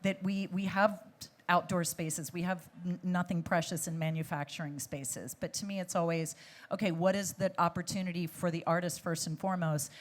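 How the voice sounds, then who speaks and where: A woman's voice: on the low side, fairly even intonation, moderate pace. A woman, an arts center director, speaking on a panel and thinking aloud as she talks. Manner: conversational, thinks aloud with restarts. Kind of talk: panel discussion.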